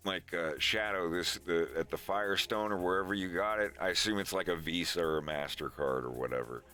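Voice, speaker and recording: Male streamer, low voice with a bright edge, rambling and chatty. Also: fairly quick, clean tone, soft background music. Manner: loose, profane, chatty advice-giving. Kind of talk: casual rambling stream chat.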